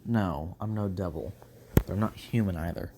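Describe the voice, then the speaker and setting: A man's voice: sits low, very noisy. A man voicing a laid-back young male slime hero who is cheeky and defiant, talking casually with lots of fillers. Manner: casual, halting, full of fillers.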